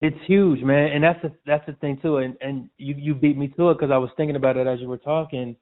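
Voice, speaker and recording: A man, a sports reporter appearing as a guest, talking casually and loosely in a relaxed, chatty way. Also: on the high side, fast. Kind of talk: casual interview chat. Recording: tinny phone-like audio.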